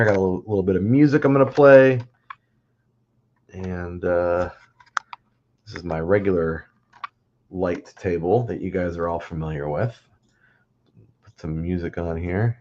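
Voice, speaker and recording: A man's voice: low-pitched, a little mellow, highs cut off, a little hiss or hum. A man hosting a casual livestream, chatting in a rambling way with many fillers and restarts. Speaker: livestream host.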